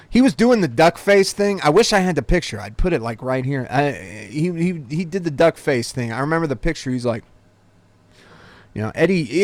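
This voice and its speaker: A man's voice: a little high, no echo. A man in his forties hosting a vinyl record channel, talking casually to camera in a rambling, chatty way with lots of asides. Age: 40s.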